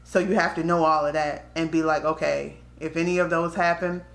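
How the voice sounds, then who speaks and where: A woman shares her story in a frank, conversational way, her voice sitting on the low side. The sound bounces around the room with a noticeable echo. She talks casually to her audience like a friend. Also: steady tone, a little fast, gravelly. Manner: candid, conversational, slips into quoted voices. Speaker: vlogger. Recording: echoey room.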